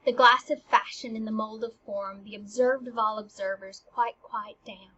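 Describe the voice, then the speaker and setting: A distraught young noblewoman mourns, as a woman reads her lines aloud. The voice is husky and a little high. The sound is muffled and lo-fi. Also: steady tone, moderate pace, sharp tone. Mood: grieving.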